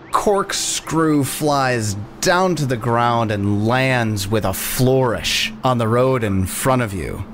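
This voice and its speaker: A man narrating a tabletop game as game master, telling the scene in an animated way. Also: mid-range voice. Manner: animated storytelling.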